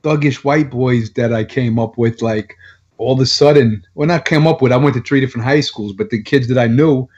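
A man's voice: mid-range voice, a little fast, a little mellow, husky. A man, telling crude, rambling stories in casual chat. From Long Island, New York. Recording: dull lo-fi sound.

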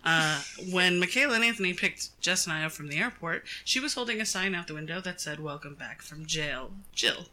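A young woman co-hosting a casual chat, playful and quick to laugh. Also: fairly low pitch, lively intonation, bright, forceful tone, poor audio. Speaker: podcast co-host.

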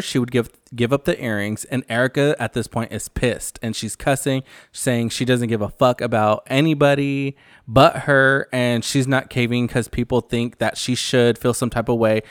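A man hosts a casual recap show, blunt and sassy and quick to swear. His voice sits at an ordinary middle pitch. It is recorded close and dry, with no room sound around it. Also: dry recording. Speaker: podcast host.

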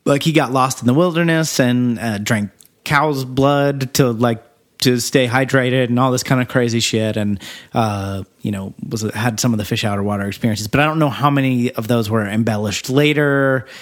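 A man's voice: medium pitch, steady tone, moderate pace. A man co-hosting a podcast in casual chat, rambling and laughing often. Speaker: podcast co-host.

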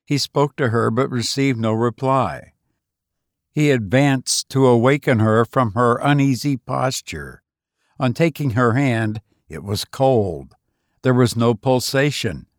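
Brief: male narrator, unhurried and deliberate, very dry close sound. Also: mid-range voice, dry recording. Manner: measured, deliberate delivery. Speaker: podcast host and narrator. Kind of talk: scripted story reading.

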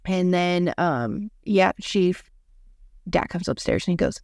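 A woman's voice: lowish voice, expressive, takes it slowly, darkish tone, no room sound, studio quality. A woman hosting a podcast, telling a personal story in a casual, chatty way, full of "like". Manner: chatty, heavy use of "like". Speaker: podcast host.

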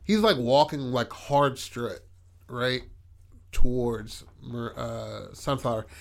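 A man's voice: mid-range voice, slow, vocal fry. A man co-hosting a podcast in casual chat, telling stories animatedly, laughing often and swearing freely. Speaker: podcast co-host.

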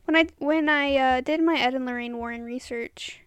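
A woman with a high, bright-sitting voice hosts a casual podcast chat. She talks in halting bursts and fills gaps with hesitations. The sound is dry and close, with no room around it. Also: clean tone, no echo. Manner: halting, searches for words with many fillers. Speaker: podcast co-host.

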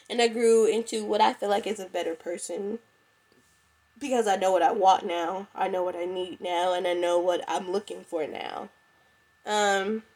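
A woman's voice: lowish voice, darkish tone. A young woman with a congested, stuffy-nosed voice, hosting a casual solo podcast and talking to her listeners. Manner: chatty, addresses listeners as "y'all". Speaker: podcast host. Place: at home.

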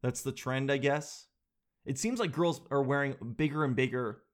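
A man in his thirties telling a self-deprecating comic story in casual chat, with lots of animated quoted voices. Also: mid-range voice, normal speed.

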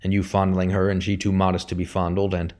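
A man's voice: low voice, monotone, fast, darkish tone, natural voice. A man reading aloud as a bitter older father who sneers with contempt. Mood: sneering.

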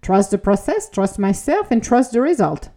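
Woman, podcast host, motivational spiritual monologue, animated, mellow tone, lively swooping pitch. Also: moderate pace. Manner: animated, self-talk, acts out quoted voices.

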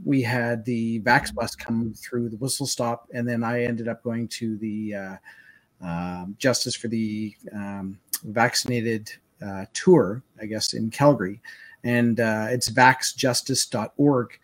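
A male co-host with a mid-pitched voice chats casually, wandering through his points with frequent fillers. His delivery is loose and conversational. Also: steady tone, takes it slowly, fairly bright tone. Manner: rambling, many fillers. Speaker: podcast co-host. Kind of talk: casual chat.

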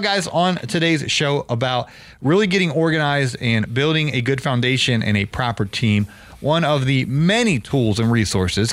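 A man's voice: mid-range voice, no echo. A man hosting a podcast, telling a long story in a loose, rambling way and acting out quoted lines. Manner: rambling storyteller, animated quoting. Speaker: podcast host. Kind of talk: casual podcast chat.

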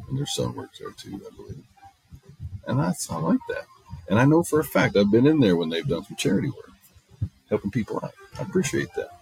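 In this rough recording, a middle-aged man hosts a podcast, spinning stories in a casual, blunt, profane monologue. His voice is mid-range, gravelly and husky, with a darkish tone.

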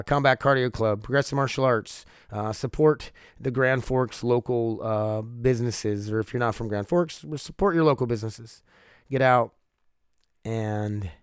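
A man's voice: lowish voice, clear, resonant tone, dry recording, studio quality. Rambling, cursing male podcast host. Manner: rambling, profane, laughs often. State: sick with covid, foggy-headed. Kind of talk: casual solo podcast talk.

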